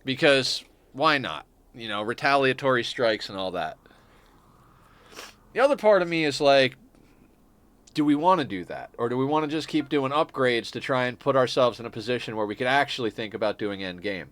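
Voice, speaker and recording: A man's voice: mid-range voice, animated, moderate pace, a bit bright, no room sound. A man streaming a game, chatting casually in a rambling, profane way and laughing often. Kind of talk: casual gaming stream chat.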